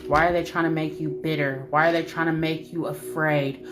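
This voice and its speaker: A woman giving a spiritual reading in an emphatic, repetitive way, swinging between loud and soft. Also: low-pitched, little pitch movement, normal speed. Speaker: spiritual reader. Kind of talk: spiritual channeling monologue. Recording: music playing behind.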